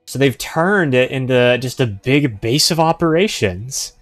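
A man's voice: medium pitch, animated, a little slow, dry recording, faint music behind. A man giving casual gameplay commentary as a streamer, chatty and easily impressed as he muses aloud.

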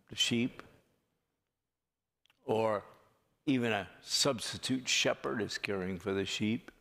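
A man's voice: mid-range voice, vocal fry, a bit bright. A man preaching a sermon as pastor, speaking earnestly and drawing out phrases for emphasis. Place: church sanctuary. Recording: long hall reverb.

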